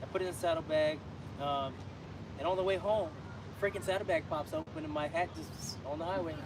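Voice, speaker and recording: A man on duty chatting casually outdoors, telling short stories with lively remarks. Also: fairly high pitch, fairly quick. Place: outdoors on a city street with traffic. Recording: distant voice with loud street noise.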